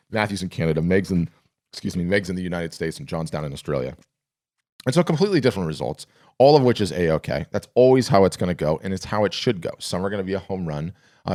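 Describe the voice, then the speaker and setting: Deep-voiced rambling podcast host. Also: male voice, dry recording, studio quality. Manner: rambling, with frequent restarts; animated storyteller. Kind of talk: casual solo podcast talk.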